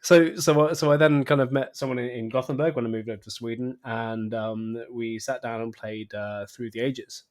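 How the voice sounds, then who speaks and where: A man's voice: medium pitch, fairly even intonation, moderate pace, few pauses. A man hosting a casual podcast chat, talking eagerly and often repeating himself. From England. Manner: chatty, eager, repeats words. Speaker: podcast host.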